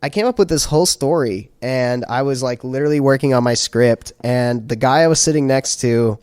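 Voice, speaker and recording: A man's voice: mid-range voice, brisk, clear, resonant tone, dry recording. Young man, casual podcast chat, rambling storyteller, trails off, dry close sound. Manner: rambling, laid-back storytelling, trailing off quietly. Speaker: podcast co-host.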